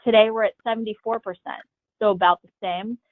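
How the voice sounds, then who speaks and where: A woman's voice: mid-range voice, fairly quick, no echo. A woman presenting survey results in a webinar, walking steadily through each slide. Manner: steady, methodical walkthrough of slides. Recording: tinny phone-line audio, dry.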